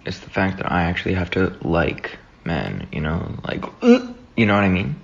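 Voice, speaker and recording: A man's voice: sits low, very animated, normal speed, vocal fry, dull audio. A man telling a casual joke to camera with rhetorical asides.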